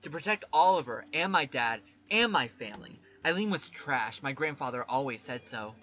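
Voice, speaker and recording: Man playing a petulant rich teenage boy, bright tense voice, faint music behind. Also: mid-range voice, lively intonation, moderate pace. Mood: defiant. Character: young man, spoiled teenage killer, defiant.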